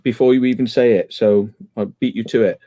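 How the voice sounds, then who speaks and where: A man's voice: mid-range voice, steady tone, brisk, warm tone. A man in a casual late-night stream chat, rambling through crude jokes and laughing often.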